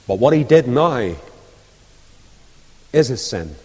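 Fervent preacher in a hall. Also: male voice, mid-range voice, very animated, takes it slowly, darkish tone, breathy edge. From Northern Ireland. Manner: impassioned, rising to fervent appeals. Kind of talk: evangelistic sermon. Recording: echoey hall with long reverb.

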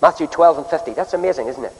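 Male preacher, fairly high voice, emphatic and measured, pulpit sermon with long hall echo. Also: lively intonation. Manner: emphatic, measured delivery with sharp rises in pitch. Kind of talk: evangelistic sermon. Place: church pulpit.

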